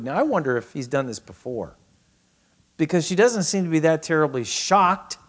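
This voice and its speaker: A man preaching a sermon on a scripture passage, acting out the quoted lines and swinging from raised to hushed delivery. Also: a little high, big pitch swings, normal speed. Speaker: pastor. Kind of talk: expository sermon.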